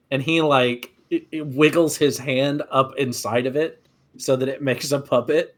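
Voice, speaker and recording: A man playing a tabletop game, talking in a playful, lively way. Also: medium pitch, a little slow. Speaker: player.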